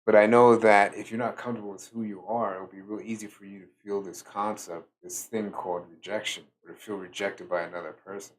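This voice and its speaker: A tired man giving a slow, reflective solo talk as a spiritual teacher, pausing often with fillers. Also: lowish voice, level tone. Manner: slow, musing, with many fillers.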